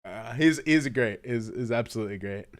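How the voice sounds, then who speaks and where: A man streaming live, telling a story in animated casual chat, laughing often and swearing. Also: mid-range voice, a little fast.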